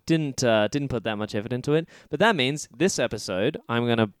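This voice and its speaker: A man co-hosting a casual film review podcast, throwing in joking, deadpan asides. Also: medium pitch, a little fast, slight background noise. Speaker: podcast co-host.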